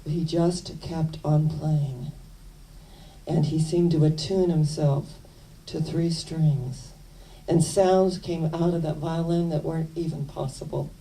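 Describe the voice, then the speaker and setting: A woman minister preaching a sermon in an earnest storytelling manner with soft asides, recorded in a church from a distant microphone. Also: low-pitched, steady tone, takes it slowly. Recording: distant mic.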